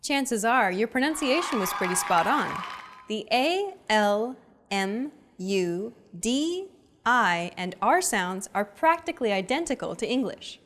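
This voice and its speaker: A woman's voice: a little high, big pitch swings, a little slow, a bit bright, slight background noise. A woman hosting a language lesson, giving scripted, encouraging explanations in an upbeat way.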